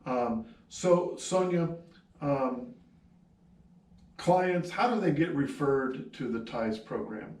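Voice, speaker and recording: A man's voice: mid-range voice, expressive, slow pace, darkish tone. Friendly male instructor, heard from a distance. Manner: friendly, teasing, talks to a class. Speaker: instructor interviewing social workers. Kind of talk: classroom video interview.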